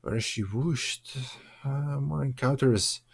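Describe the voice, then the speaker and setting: A man's voice: mid-range voice, slow pace, vocal fry, husky. A man giving casual, chatty commentary while streaming a space game from a hot room at home, laughing easily and correcting himself. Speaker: gameplay streamer.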